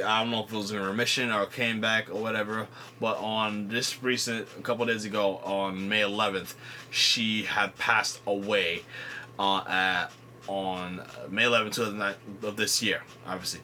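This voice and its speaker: A man's voice: on the low side, bright, forceful tone, a little hiss or hum. A man from New York co-hosting a podcast in casual, rambling chat with frequent restarts. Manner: loose and rambling, with many restarts. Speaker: podcast co-host.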